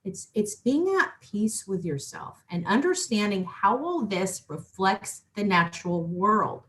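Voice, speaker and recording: A middle-aged woman hosts a spiritual talk show, speaking at a measured pace in a medium-pitched voice. She's chatty and animated, often restarting sentences and tossing asides to her audience.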